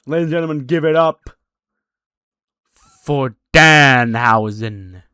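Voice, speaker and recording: Guy doing a smug wrestling boss, calm, kinda condescending. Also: mid-range voice, slow, clean tone, dry recording, studio quality, voice pushed up. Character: smug male wrestling show general manager.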